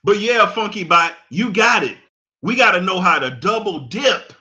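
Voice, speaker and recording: A man's voice: high-pitched, animated, normal speed, pushed and bright. A man, giving an impassioned monologue that repeats phrases for emphasis. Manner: preachy, emphatic, repeats phrases, laughs at his own points. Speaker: commentator.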